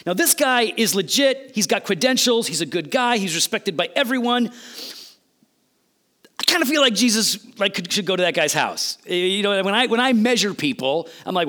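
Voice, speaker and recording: A man preaching a sermon, telling a story with animated, changing delivery and acted-out quotes. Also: high-pitched, moderate pace. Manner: animated storytelling, voices quotes, sudden loud and soft swings.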